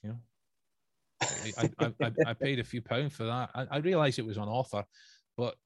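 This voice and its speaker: A man's voice: mid-range voice, brisk, no room sound. A man with a Stoke-on-Trent English accent, talking casually on a podcast, with lots of restarts and self-corrections. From England, Stoke-on-Trent area. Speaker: podcast host.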